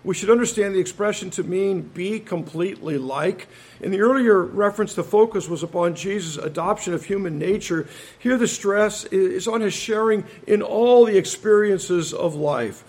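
A man preaching a methodical expository sermon, slowing down when he reads scripture and quotations. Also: high-pitched, darkish tone. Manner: slows down to read scripture and quotes; methodical, enumerates points, occasional restarts.

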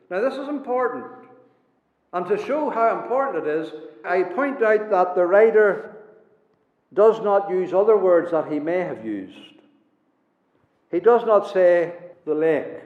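A man's voice: high-pitched, unhurried, darkish tone. A man preaching a sermon, emphatic and repeating his key words for weight. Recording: echoey hall, dull lo-fi sound.

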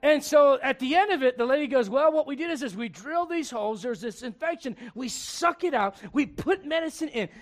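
A man preaching a sermon, acting out bits of dialogue with humor and laughter, swinging from loud punchlines to hushed, earnest points. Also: very high-pitched, lively intonation, fairly quick, hardly any pauses. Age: adult. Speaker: pastor.

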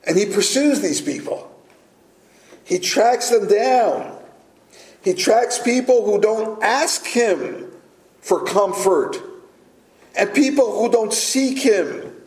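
A man preaching a sermon as pastor, speaking deliberately and pausing for emphasis. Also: high voice, a little mellow. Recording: echoey room.

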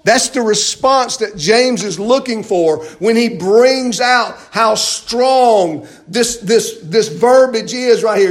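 A man's voice: very high-pitched, takes it slowly, few pauses. A man preaching a sermon in a church, emphatic and full of rhetorical questions and repeated phrases. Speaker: pastor.

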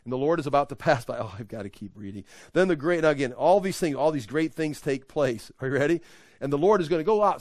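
A man teaching the Bible in an animated, conversational way, often laughing. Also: on the high side, fairly quick, dry recording, studio quality.

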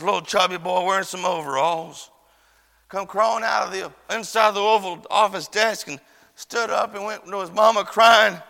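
A man preaching a chapel sermon as a storyteller, dropping to hushed asides and rising to shouts. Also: sits high, gravelly. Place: church chapel. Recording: long church hall reverb.

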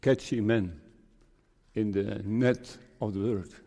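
A man's voice: fairly low pitch, takes it slowly, creaky, mellow. A man, preaching a farewell sermon as a pastor, earnest and repeating phrases for emphasis. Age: 60s. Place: church sanctuary. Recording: long church reverb.

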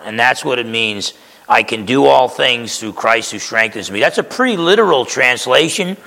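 A man's voice: mid-range voice, gravelly, pushed and bright, long reverb tail. A man preaching a sermon as pastor, conversational and emphatic, often checking in with his listeners.

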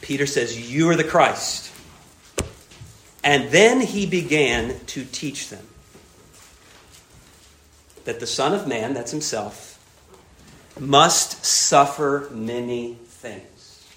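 A man preaching a sermon, emphatic, repeating key phrases and dropping soft on grave points. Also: mid-range voice, animated, slow, long pauses, roomy sound, a little hiss or hum. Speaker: pastor.

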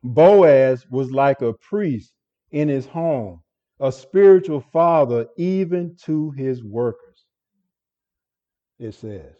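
Pastor, male, slow deliberate earnest sermon delivery, dull lo-fi recording. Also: medium pitch, lively intonation, warm tone. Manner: earnest, repeats words and restarts often. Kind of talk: expository sermon.

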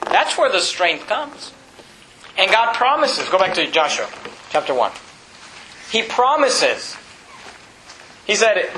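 A man preaching a sermon as pastor, with animated, emphatic repetition. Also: high voice, slow, long pauses, roomy sound, a little hiss or hum, low-quality recording.

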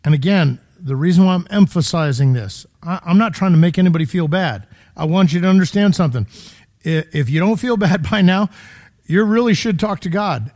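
A man's voice: high voice, expressive, brisk, darkish tone. A man preaching a sermon in a conversational, emphatic way, full of rhetorical questions, in a church.

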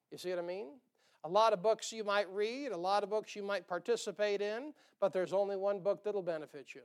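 High-voiced folksy preacher man. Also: clear, resonant tone. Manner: folksy, joking, with rhetorical questions to the congregation; chuckles between points. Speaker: pastor. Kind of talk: sermon.

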